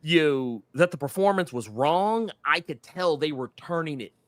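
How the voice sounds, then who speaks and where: Lively high-voiced man. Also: normal speed, no room sound. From Tennessee. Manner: animated, swears freely, acts out quotes. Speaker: podcast co-host. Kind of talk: casual movie discussion.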